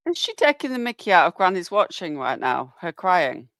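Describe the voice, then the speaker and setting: A woman drops wry, incredulous asides as she reacts to a live stream. Her voice is somewhat low and sounds dry and close. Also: sing-song, moderate pace, fairly bright tone, no room sound. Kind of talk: reaction chat.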